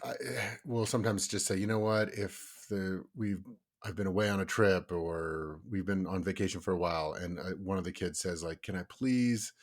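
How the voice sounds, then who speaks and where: A man with a fairly low voice co-hosts a relaxed parenting podcast. He talks in casual chat and tells stories with energy. He swears now and then without thinking about it. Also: normal speed. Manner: lively storyteller, acts out kids' voices, swears casually.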